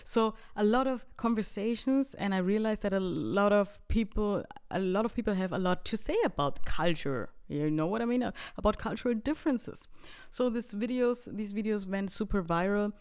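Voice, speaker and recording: A woman from Germany with a German accent, hosting a podcast and telling stories in a chatty, expressive way. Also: mid-range voice, moderate pace, clear, resonant tone. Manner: chatty and expressive, with frequent fillers. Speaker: podcast host. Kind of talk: casual storytelling monologue.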